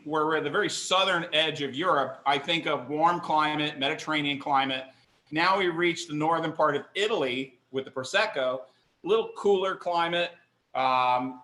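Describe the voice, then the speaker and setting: Middle-aged guy running an online wine class from his kitchen, chatty and excited, echoey room. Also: on the high side. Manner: chatty, enthusiastic, self-deprecating. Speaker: wine instructor. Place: kitchen counter, indoors.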